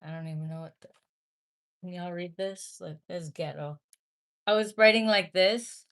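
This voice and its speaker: A woman's voice: lowish voice, moderate pace. A woman from the Midwest hosting a casual livestream, reading viewer comments aloud and talking back bluntly, with swearing. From American Midwest. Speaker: livestream host.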